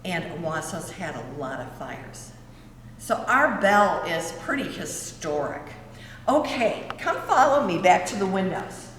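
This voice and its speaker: Woman church guide leading a kids' field trip, unhurried and teacherly, recorded from a distance in a reverberant sanctuary. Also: on the low side, very animated, a bit bright, a little hiss or hum. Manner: slow, friendly teacher-like questions to kids. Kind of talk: virtual tour for young children. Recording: echoey church hall, from afar.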